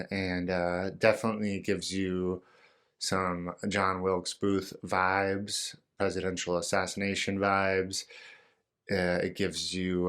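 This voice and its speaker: A man's voice: deep voice, fairly bright tone, clear, resonant tone. A man hosting his own podcast, talking casually and rambling with jokes and many fillers. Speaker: podcast host. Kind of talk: casual solo podcast talk.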